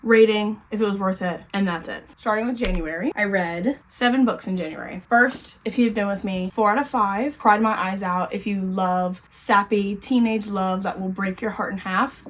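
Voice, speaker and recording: A woman book vlogger races through her reviews in a loose, chatty way. She keeps dropping in little fillers as she goes. Her voice sits at an ordinary middle pitch. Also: a little hiss or hum. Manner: rapid-fire, chatty, lots of "like". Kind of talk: casual chat.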